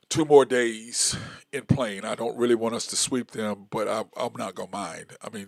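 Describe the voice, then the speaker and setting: Gravelly, rambling sports talk host man. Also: mid-range voice, no room sound, clean studio sound. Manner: rambling, self-correcting, counts stats aloud. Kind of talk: casual sports opinion monologue.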